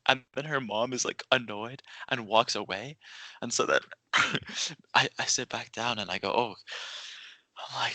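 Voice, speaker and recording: A man's voice: medium pitch, fairly quick, sharp tone, no echo, low-quality recording. A young man hosting a podcast, telling rambling, laughing stories in casual chat. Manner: rambling storyteller with restarts and laughs. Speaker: podcast host.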